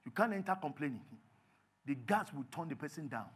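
A Nigerian man preaching a sermon as pastor, animated and acting out little scenes. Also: on the high side, brisk, husky. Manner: animated, acts out little scenes in others' voices. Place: church.

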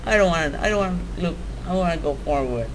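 A man's voice: a little high, lively intonation, fast talker, slight background noise, rough recording. A young man playing a horror video game, reacting with panic, talking to the game and screaming at jump scares, in non-native English phrasing. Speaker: gamer. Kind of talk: horror game let's play commentary.

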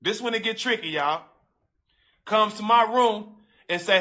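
A man's voice: sits high, pushed and bright. A man telling a personal story in casual, profane street slang, talking straight to his listeners and repeating himself as emotion builds. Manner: emotional, breaks into halting repeats.

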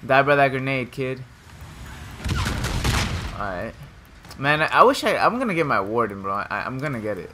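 A young man commenting on his own gameplay in a lively, up-and-down voice. He trash-talks the other players and breaks into sudden shouts. Game noise runs clearly underneath him. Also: mid-range voice. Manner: trash-talking, excitable, quick swings to shouting. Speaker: gameplay streamer. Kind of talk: casual live commentary over gameplay.

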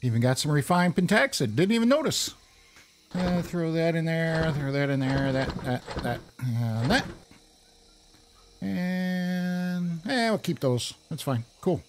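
A man's voice: fairly high pitch, very animated, normal speed, a little hiss or hum. A man casually commenting on his own gameplay, chatty and self-deprecating, talking to himself as he plays. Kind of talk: casual let's play commentary.

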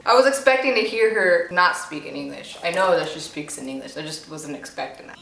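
This woman hosts a home reaction video, bantering playfully and answering the screen in a fairly low, slightly bright voice with vocal fry and a brisk pace. The audio has a roomy echo and distant mic placement, and faint music plays underneath.

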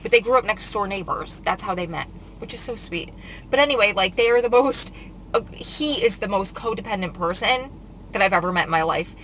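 A woman's voice: mid-range voice, animated, fairly quick, fairly bright tone, a little hiss or hum, poor audio. A woman vlogger telling a painful story in a casual confessional vlog, upset and rambling with many filler words.

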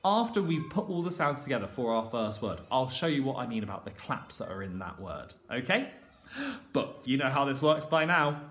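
A man teaching a phonics lesson to young children. He sounds out letters slowly and with exaggeration, in an encouraging sing-song teacher voice. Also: mid-range voice, sing-song, a bit bright. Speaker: primary school teacher. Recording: echoey room with faint background noise.

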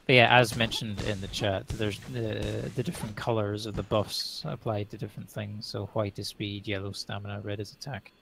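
A man's voice: on the low side, little pitch movement, moderate pace, vocal fry, hardly any pauses, bright, forceful tone, slight background noise. A man streaming a game, casually explaining mechanics to a friend and laughing easily. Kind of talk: casual gameplay chat.

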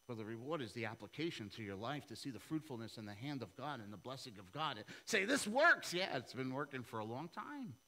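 A middle-aged man, preaching a sermon and telling a story, acting out the dialogue with lively voices. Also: medium pitch, fast, few pauses, rough recording. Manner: animated storytelling, acts out dialogue in a raised voice. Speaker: pastor.

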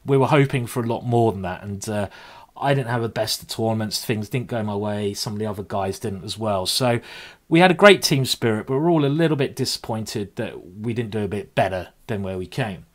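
A man's voice: lowish voice, expressive, fairly quick. A man, a chess grandmaster hosting his own video, chatting in a rambling, self-deprecating way.

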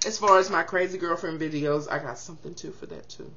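An older woman chatting casually to camera, giving zodiac advice in an animated, expressive way and acting out quotes. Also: fairly low pitch, quick pace, muffled recording, noisy background.

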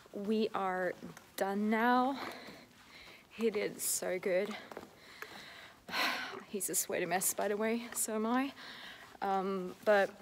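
A woman's voice: mid-range voice, noisy background. A woman vlogger chatting casually to a handheld camera, rambling with lots of fillers. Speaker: horse-riding vlogger. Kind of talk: casual vlog chat to camera.

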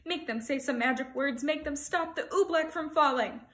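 A proud, blustering old king from a picture book barks orders, voiced by a woman reading aloud. He speaks in loud, commanding bursts. The voice sits a little high. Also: expressive, a little slow, roomy sound.

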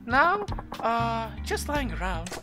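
Breezy housewife on the phone, put on by a man, pitched way up. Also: sing-song, slow, over music, full character voice. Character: young housewife on a call, breezy.

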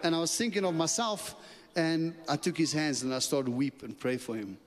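A man preaching as a guest speaker, telling a personal story with lively, chuckling asides in which he acts out his own thoughts. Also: on the high side, a little fast. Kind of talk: sermon storytelling. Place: church sanctuary. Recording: long church hall reverb.

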